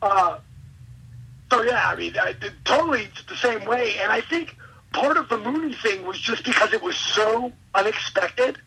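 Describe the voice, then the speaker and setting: A man, a wrestler and podcast guest, telling an excitable, rambling story in casual interview chat. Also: high-pitched, gravelly, slight background noise, poor audio. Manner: excitable, rambling, quick asides.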